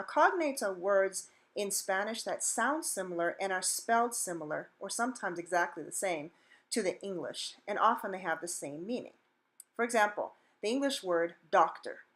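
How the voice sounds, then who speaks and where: Brief: woman, mid-pitched, upbeat playful teacher, encouraging video lesson. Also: a bit bright. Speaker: Spanish teacher.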